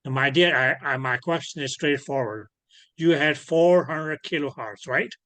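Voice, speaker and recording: A lecturer with a fairly high, fairly bright voice teaches an online class via video call, speaking unhurriedly with no room sound. He's patient, regularly checks understanding, and keeps correcting himself.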